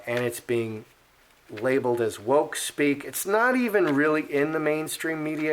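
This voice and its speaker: A man's voice: medium pitch, fairly bright tone. Rambling man giving card-reading commentary. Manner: rambling, with frequent fillers and restarts. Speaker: card reader.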